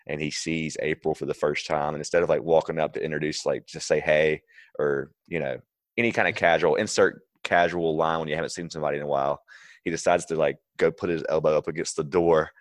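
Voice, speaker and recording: A young man co-hosting a podcast, recapping scenes in relaxed, conversational chat. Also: rumbling low, no room sound. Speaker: podcast co-host. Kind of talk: casual chat.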